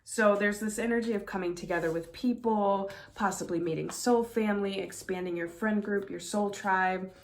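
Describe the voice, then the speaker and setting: An excitable young woman reads tarot cards in a casual, chatty way. She punches key words with emphatic bursts and laughs along the way. Her voice sits at an everyday middle pitch for a woman. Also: normal speed, few pauses. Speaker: intuitive tarot reader. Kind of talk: casual tarot reading to camera.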